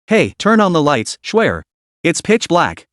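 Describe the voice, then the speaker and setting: Man voicing a flustered young college man, self-scolding, lively pitch, dry sound. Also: measured pace, no room sound.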